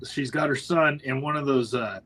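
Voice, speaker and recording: The speaker, a podcast host from northwestern Ontario, Canada, has a mid-range voice and talks at normal speed on a low-quality recording. He shares hunting stories in relaxed conversation, animatedly acting out the voices of people he quotes.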